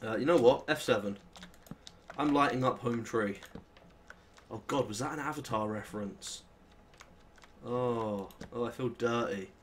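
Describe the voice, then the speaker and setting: A young British man with a British accent, chatting and swearing casually as he plays through a modded game, with sudden excitable outbursts. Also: medium pitch, measured pace, long pauses, slight background noise. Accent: British English. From Britain. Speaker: gaming channel host. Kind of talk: casual Let's Play commentary.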